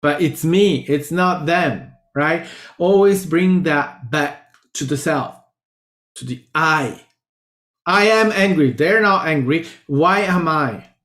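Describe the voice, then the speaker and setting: A man with an Italian accent, a spiritual teacher giving a halting, reflective casual monologue full of restarts. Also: a little high, fairly bright tone. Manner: halting, many restarts and fillers. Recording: roomy echo.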